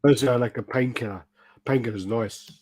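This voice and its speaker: A man's voice: mid-range voice, quick pace, darkish tone, dry recording. A British man hosting a podcast, telling stories in casual chat, swearing and acting out quotes. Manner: swearing storyteller, acts out quotes. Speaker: podcast host.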